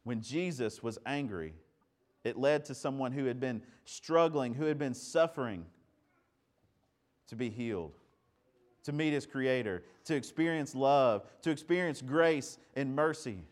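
A pastor preaches in a conversational style, his medium-pitched voice unhurried. He poses rhetorical questions and often repeats words.

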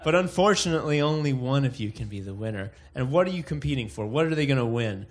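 A man's voice: medium pitch, animated, fast. A man hosting a comedy show in a mock-grand announcer manner. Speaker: host. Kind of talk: game-show style hosting.

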